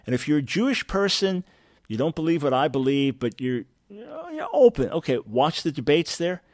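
A man's voice: on the high side, a little fast, no room sound, clean studio sound. A middle-aged man hosting a call-in radio show, teaching earnestly and stressing points by repeating words. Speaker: radio talk show host.

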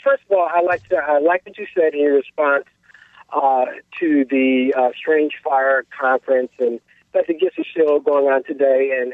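A man from North Carolina calling in to a radio show, speaking haltingly with many fillers over a phone line. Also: a little high, no room sound. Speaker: caller. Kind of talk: phone-in call.

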